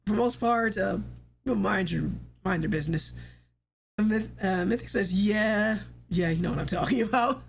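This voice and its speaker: A woman's voice: medium pitch, normal speed, creaky, husky, faint music behind. Rambling, laughing woman streamer. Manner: rambling, laughs often, swears casually. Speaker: livestream host. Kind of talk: casual livestream chat.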